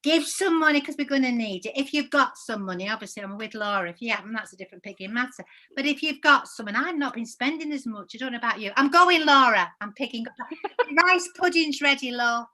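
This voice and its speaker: A cheery middle-aged housewife rambles on homely and friendly, as a woman acts her out. Her voice sits high and rings bright and sharp. She drifts from one thought to the next and calls everyone love. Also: animated, a little fast. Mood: chatty. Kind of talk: comic character chat on a livestream.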